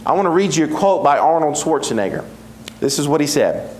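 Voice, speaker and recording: A man in his forties delivers a sermon with a fairly high voice that rings out, earnest and emphatic. The room around him is echoey, like a church sanctuary. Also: sing-song, fairly quick, darkish tone. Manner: earnest, emphatic preaching with repeated phrases. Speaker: pastor.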